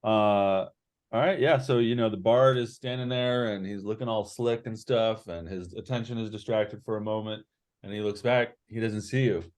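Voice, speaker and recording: A man narrating as game master in an online tabletop game, relaxed and rambling with many fillers. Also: on the low side, moderate pace.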